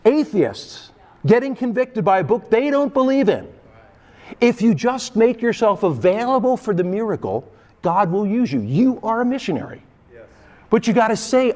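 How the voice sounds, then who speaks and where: A man's voice: high-pitched, normal speed. A middle-aged man preaching as a guest, telling a humorous story with frequent laughter and mimicked voices. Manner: animated, laughing often, mimics voices in quoted lines. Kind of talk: storytelling sermon.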